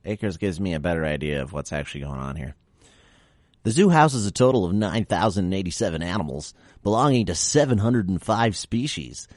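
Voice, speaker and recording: Low-voiced man hosting a jokey podcast. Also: animated, brisk, darkish tone, no room sound, studio quality. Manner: wry, sarcastic commentary. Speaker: podcast host. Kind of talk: reading a list with jokey asides.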